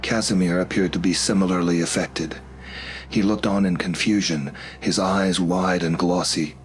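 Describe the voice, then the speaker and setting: A man narrating a first-person horror story in a steady, measured way. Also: low voice, a little hiss or hum.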